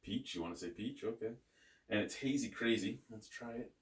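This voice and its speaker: A man with a somewhat low voice talks through a beer tasting in a loose, rambling way, dropping jokes and curse words. He sits a little away from the microphone. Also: normal speed, roomy sound, recorded from a distance. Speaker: beer review host. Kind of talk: casual beer review chat.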